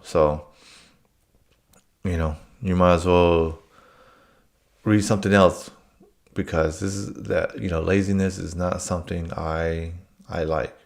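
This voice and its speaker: A man's voice: sits low, creaky. A man telling work stories in a casual monologue, blunt and rambling, swearing freely.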